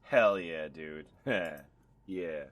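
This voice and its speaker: A comedy podcast co-host who reads comments aloud and chats casually, giggly, with loud outbursts that trail off quietly. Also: deep voice, extremely slow.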